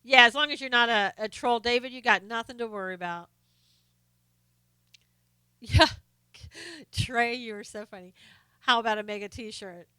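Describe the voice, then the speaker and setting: A woman hosting a casual live stream, reading viewer comments aloud in a chatty, halting way full of fillers and restarts; she is losing her voice. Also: on the high side, sharp tone, smooth, no room sound.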